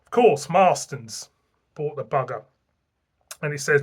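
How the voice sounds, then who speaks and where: A man's voice: a little high, lively intonation, measured pace, long pauses, husky. Blunt sweary Northern English man. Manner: blunt, sweary, rambling with restarts. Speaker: beer reviewer. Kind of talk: casual beer review vlog.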